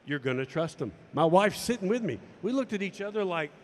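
A man's voice: high-pitched, lively intonation, brisk, few pauses, in a large hall. A man telling a personal story to camera, acting out the dialogue as he goes. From United States. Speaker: golf instructor and former tour pro.

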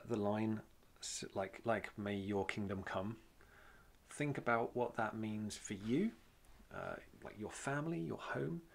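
A man with a Welsh accent teaches on prayer in a casual, everyday way, using lots of "um" and "uh" and circling back to repeat his key points. His voice sits fairly low and has a gravelly fry to it. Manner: conversational, plain-spoken, with frequent fillers and repetition for emphasis. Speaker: church speaker leading a prayer talk. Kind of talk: informal sermon teaching.

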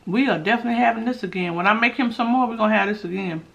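Her voice is on the high side and gravelly, and she talks rapid-fire. In this casual eating vlog, the mukbang host savors her food with hums and keeps up animated chatter with her viewers.

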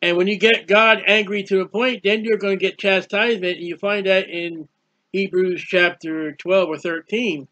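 A man's voice: high-pitched, fairly even intonation, moderate pace, bright, forceful tone. A man giving an informal Bible study sermon, earnest and rambling, reading scripture aloud. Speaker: Bible teacher. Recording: dull lo-fi recording.

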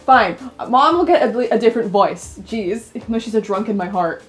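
A woman's voice: on the high side, lively intonation, normal speed, hardly any pauses. Young woman let's-player, chatty and laughing, faint music under her. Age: young adult. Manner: chatty, laughing, swears freely. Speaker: let's play host. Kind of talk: casual gameplay commentary.

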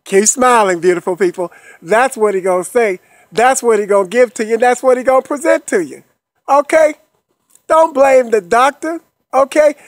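High-voiced man coaxing listeners to smile. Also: normal speed, no echo. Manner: repetitive and coaxing, checks in with the listener after nearly every phrase; playful, laughs between points. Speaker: motivational speaker. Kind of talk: upbeat motivational monologue.

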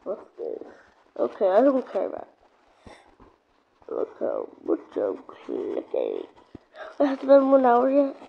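A woman's voice: a little high, wildly swooping pitch, unhurried, vocal fry, pauses often. A woman giving casual, rambling commentary while playing a game, repeating herself and breaking into sudden exclamations. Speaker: gamer, channel host. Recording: dull lo-fi sound with faint noise.

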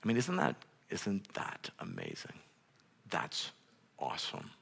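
Bright-voiced casual man preaching. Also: huge pitch swings, a little slow, gravelly, husky. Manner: casual, conversational preaching with frequent restarts; grows louder and higher when stirred up. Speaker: pastor. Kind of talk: sermon. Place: church sanctuary, on a raised stage.

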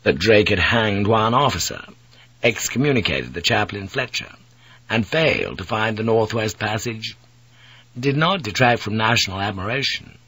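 Husky-voiced man reading an audiobook. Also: lowish voice, lively intonation, moderate pace, a bit bright, dry recording, low-quality recording. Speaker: audiobook narrator. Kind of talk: scripted audiobook narration.

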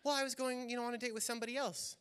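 A man voicing a flustered young woman caught out on a date with someone else, in a high, light falsetto. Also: level tone, rapid-fire, a bit bright, smooth, in a large hall.

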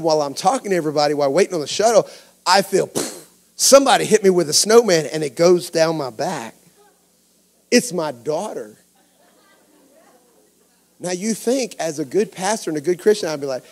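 A middle-aged man with a Cajun accent preaching a sermon, telling personal stories and swinging from quiet asides to shouted lines. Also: sits high. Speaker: pastor.

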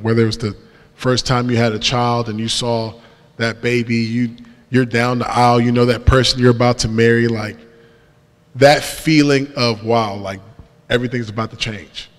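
A young man speaks to a congregation in a relaxed, conversational way, using everyday slang and taking on the voices of the people in his story. His voice sits at an ordinary middle pitch. The sound carries a long reverb from the church hall. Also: moderate pace. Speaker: guest speaker. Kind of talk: testimony talk from the pulpit. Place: large church sanctuary.

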